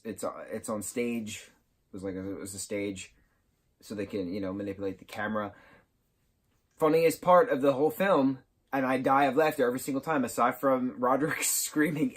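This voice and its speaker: A man reviewing a film in a casual vlog, retelling scenes excitedly with bursts of giggling and sudden jumps in pitch and volume. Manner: giggles through his retelling.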